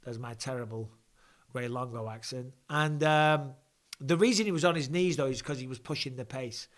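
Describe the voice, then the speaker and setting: A man's voice: mid-range voice, brisk. A man hosting a live fan Q&A, talking through a blocked nose in a chatty, off-the-cuff way. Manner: chatty, restarts and asides. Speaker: host. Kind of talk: live reaction and fan Q&A chat.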